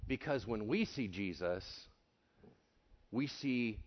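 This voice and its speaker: Animated man preaching, lo-fi sound. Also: fairly low pitch, slow pace. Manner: animated, jokey, acts out voices, shifts between loud and hushed. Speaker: pastor. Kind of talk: animated sermon. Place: church room with audience. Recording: dull lo-fi sermon recording.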